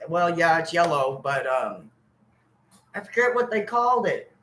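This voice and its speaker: A woman's voice: fairly low pitch, big pitch swings, unhurried, a bit bright, slight background noise, rough recording. A woman hosting a live stream, telling stories in casual, profane chat and laughing often.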